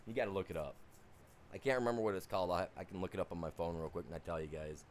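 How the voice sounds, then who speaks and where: Rambling, chuckling streamer guy, slightly low voice. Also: fairly even intonation, fast talker, a little hiss or hum. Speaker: game streamer. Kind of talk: casual chat during a livestream.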